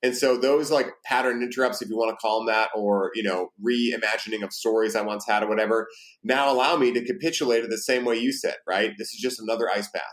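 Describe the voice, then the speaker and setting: A man's voice: on the low side, fairly even intonation, fast. A man hosting a podcast interview, chatting casually and swearing now and then. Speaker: podcast host.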